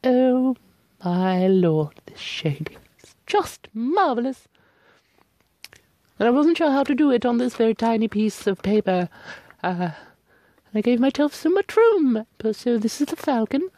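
A young woman reviewing ink and paper in a casual, gushing and playful way, sometimes dropping into hushed whispers. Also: a little high, big pitch swings, a little slow, no echo, rough recording.

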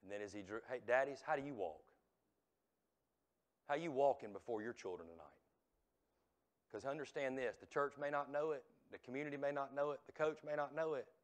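A man preaching a revival sermon in a church, swinging from hushed, drawn-out lines to loud, shouted ones. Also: mid-range voice. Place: church sanctuary.

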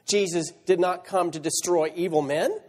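A man's voice: sits high, normal speed. A male pastor preaching a sermon, reading scripture aloud and asking rhetorical questions. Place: church sanctuary. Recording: church hall reverb.

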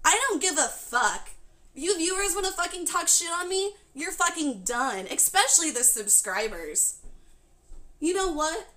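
A high, bright woman's voice ranting hard at her stream chat. Her tone is heated and cutting, and she swears often. She is blunt and sharp-edged. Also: animated, measured pace. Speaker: live streamer. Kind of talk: angry rant at her chat.

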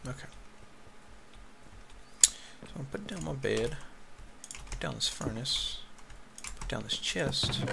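A man's voice: mid-range voice, gravelly. A man casually narrating his Minecraft play on his home computer, rambling and yawning as he mutters to himself through a headset mic. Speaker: gaming YouTuber. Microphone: headphones with a mic. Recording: noisy home recording with keyboard clicks. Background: keyboard typing and clicks.

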